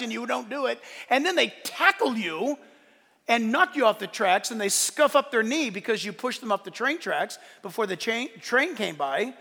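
A male pastor preaching a sermon, animated, acting out quoted voices along the way. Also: extremely high pitch, brisk, big-room sound.

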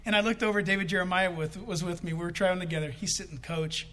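A man's voice: sits high, steady tone, fast talker, pushed and bright. A man preaching a sermon and telling a comic story, acting out the voices of the people in it.

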